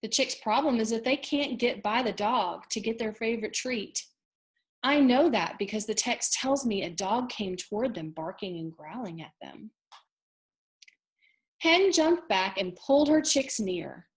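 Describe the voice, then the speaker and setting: A woman teacher leading an expressive, child-directed read-aloud lesson, pausing often to ask questions. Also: a little high.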